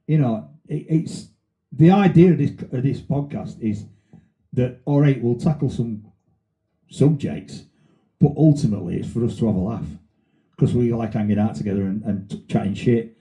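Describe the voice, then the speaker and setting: A man with a Sheffield accent rambles through sweary stories as host of a casual chat. His pitch sits mid-range for a man, and the recording is a bit dull and lo-fi. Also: normal speed, mellow. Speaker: podcast host. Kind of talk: casual banter.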